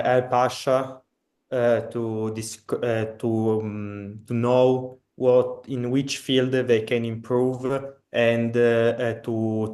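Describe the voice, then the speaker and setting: A student presenter speaks slowly over a video call, his voice flat and even. He pauses often and searches for his words. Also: medium pitch. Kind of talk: halting presentation.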